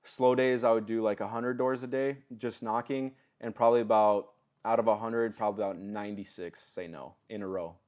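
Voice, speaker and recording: A man's voice: lowish voice, fairly quick. A young man in his twenties, a podcast guest, telling stories in casual slang. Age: 20s. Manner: storytelling, lively, casual slang.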